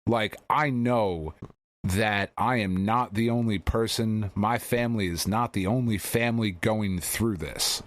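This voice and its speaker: Man, low-pitched voice, podcast co-host, casual rambling chat, blunt and profane. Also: a little slow, no room sound. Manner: candid, rambling storytelling with frequent swearing.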